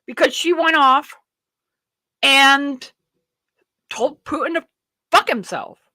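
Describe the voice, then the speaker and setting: A woman hosts a livestream talk show, ranting bluntly, swearing freely, rambling, restarting and talking to herself. Her high voice is slow, pushed and bright, with no echo.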